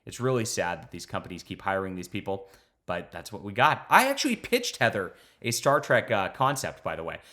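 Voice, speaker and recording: Male commentator, lowish voice, heated sarcastic ranting, casual delivery. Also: very animated, brisk, bright, forceful tone. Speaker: commentary vlogger.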